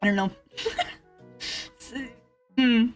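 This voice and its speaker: High-pitched woman rambling on stream, gets yelpy then grumbly, faint music behind. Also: very slow, highs cut off. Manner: animated, swings between excited yelps and low grumbling; rambling with frequent fillers and laughs. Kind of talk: casual chat with viewers. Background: faint background music.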